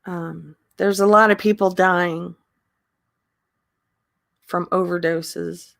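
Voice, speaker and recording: Slow-talking woman chatting on a livestream. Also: fairly low pitch, steady tone, creaky, fairly bright tone, no echo. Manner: slow, halting talk with frequent ums and laughter. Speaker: livestream host. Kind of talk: casual livestream chat.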